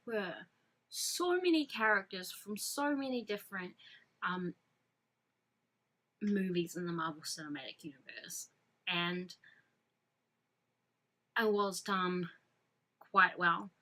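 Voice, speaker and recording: A woman talks slowly in a casual fan vlog, her voice bright and forward. She rambles effusively, full of fillers and false starts, at a middle pitch. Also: poor audio. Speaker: fan vlogger reviewing a film. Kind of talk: casual chat.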